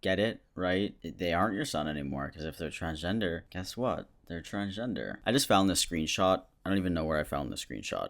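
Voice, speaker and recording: A man's voice: deep voice, sing-song, brisk, creaky, few pauses. A man giving casual, sarcastic commentary as a YouTuber reacting to screenshots. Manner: sarcastic, mocking.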